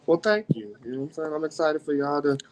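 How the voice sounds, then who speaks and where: A man's voice: fairly high pitch, quick pace, poor audio. Brash, profane rapper man. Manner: brash, profane, slangy, boastful. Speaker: guest rapper. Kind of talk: casual chat.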